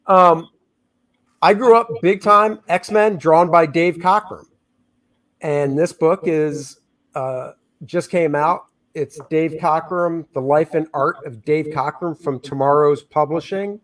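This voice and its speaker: A man's voice: on the high side, slow, fairly bright tone. Joking man chatting on a livestream. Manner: joking, reads chat comments aloud. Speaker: comic artist hosting a livestream. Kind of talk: casual livestream chat.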